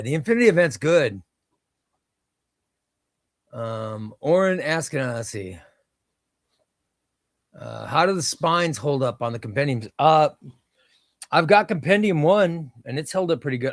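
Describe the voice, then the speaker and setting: A man's voice: a little high, expressive, moderate pace, long pauses, no echo. Rambling man hosting a comics livestream. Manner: rambling, restarts sentences, reads chat comments aloud. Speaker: comic book livestream host. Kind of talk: casual live-stream chat. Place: home room.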